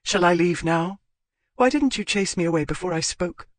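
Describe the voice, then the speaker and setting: A man's voice: high-pitched, normal speed, dry recording, voice pushed up, natural voice. A man voicing a spirited, impulsive young country woman in an audiobook, raising his voice into her earnest, wavering pleas. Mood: pleading. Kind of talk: audiobook character voice.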